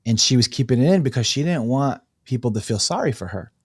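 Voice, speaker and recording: A man, a guest on a talk show, telling stories in an animated way, acting out quotes and laughing easily. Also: medium pitch, fast talker, breathy edge, no echo, clean studio sound. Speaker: breathwork facilitator, guest. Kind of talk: casual storytelling interview.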